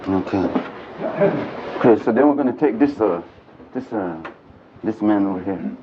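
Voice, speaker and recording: A man giving an animated storytelling lecture to a live audience at a men's gathering, joking and speaking bluntly. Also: lowish voice, moderate pace, background noise. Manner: animated and earthy, mixing jokes and blunt language. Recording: dull lo-fi archive tape.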